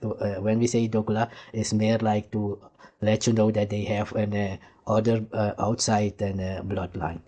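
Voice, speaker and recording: A man from Suriname with a Surinamese accent gives heated reaction commentary in a fairly low voice. He lectures, repeats himself and keeps pressing the listener to understand. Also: flat delivery, measured pace, warm tone, dull audio. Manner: heated, lecturing, repeats "you see" and "nigga". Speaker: commentator reacting to archive clips.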